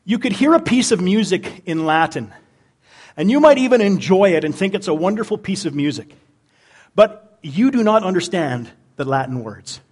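A man's voice: fairly high pitch, darkish tone, breathy edge. A middle-aged man, a pastor, preaching a conversational sermon and often repeating words as he searches for them.

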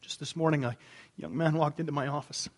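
Man, pastor, sermon, husky, fairly high voice, loud bursts and hushed drops. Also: fairly quick. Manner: preaching with swings from loud emphasis to hushed low lines.

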